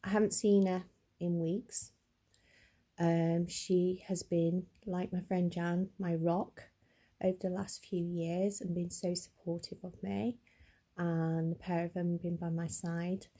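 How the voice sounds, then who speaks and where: A woman's voice: lowish voice, dark tone, breathy edge. A middle-aged woman talking earnestly to camera in a personal vlog, upset and stammering a little as she speaks. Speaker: vlogger.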